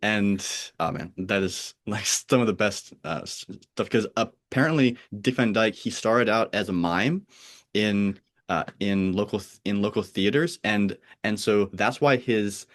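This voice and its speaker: American male podcast host, flat accent, halting, restarts often, laughs easily. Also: fairly low pitch. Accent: General American. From United States (Pennsylvania, Oregon). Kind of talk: casual chat.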